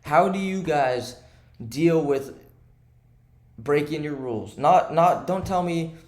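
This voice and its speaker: A man's voice: on the high side, lively intonation, slow, a little mellow. A young man who day-trades, talking over his charts to viewers after a bad day, frustrated and upset, repeating himself and asking "right?" again and again. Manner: repetitive, keeps asking "right?", swings between heated and subdued. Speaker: day trader and channel host. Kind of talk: frustrated self-talk to camera.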